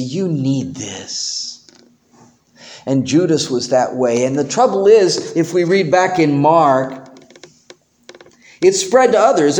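A male pastor preaching a sermon in an animated way, acting out biblical characters in quoted voices. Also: medium pitch, reverberant.

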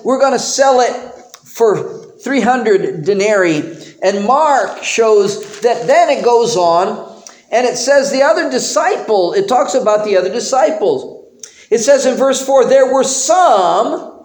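A man preaching a sermon from the pulpit, his fairly high voice rising and falling in an animated way as he acts out the people in the story. He takes his time over each phrase. The room gives his voice a noticeable echo. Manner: animated, acts out biblical characters in quotes. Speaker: pastor.

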